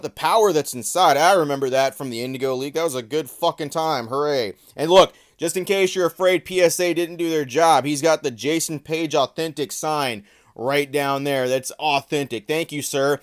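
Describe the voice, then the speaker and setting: Sarcastic man mocking card listings. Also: a little high. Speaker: trading card commentator. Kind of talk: casual commentary vlog.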